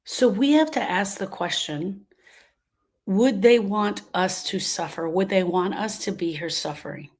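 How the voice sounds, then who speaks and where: This woman, in her 60s and from Louisiana, has a medium-pitched voice and talks a little slowly. On her grief podcast she earnestly recounts her story to listeners, repeating phrases to emphasize them.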